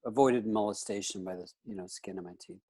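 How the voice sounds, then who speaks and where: A man's voice: fairly low pitch, brisk, warm tone, husky. A man in his fifties from the United States, a guest in a casual interview who rambles and leans on "you know" fillers.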